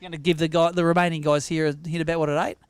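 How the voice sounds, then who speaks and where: High-pitched, energetic Australian emcee. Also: male voice, smooth, no room sound. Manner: energetic, teasing, quick-talking. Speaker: weigh-in host. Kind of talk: live tournament emcee banter. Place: outdoor weigh-in stage at a sailing club.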